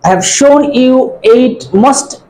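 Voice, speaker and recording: Slow, careful woman teaching a lesson. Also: high-pitched, warm tone, poor audio. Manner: repeats phrases slowly, drawing out words. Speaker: language teacher. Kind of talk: slow spoken language lesson.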